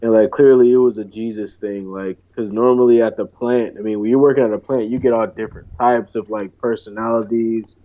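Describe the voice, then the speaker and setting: A man's voice: fairly low pitch, a little fast, few pauses. Laid-back man on a dull line. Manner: relaxed, slangy, reflective. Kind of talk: casual chat.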